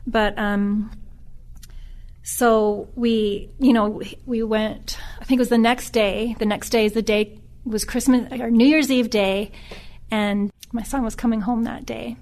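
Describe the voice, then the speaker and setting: A woman's voice: fairly high pitch, steady tone, darkish tone. A middle-aged woman who is a podcast guest, telling a personal story in a subdued, earnest way that often stops and restarts. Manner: halting, with frequent restarts.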